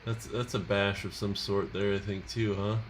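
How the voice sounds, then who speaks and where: A man chatting casually on a livestream, unhurried and agreeable. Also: on the low side, little pitch movement, slight background noise.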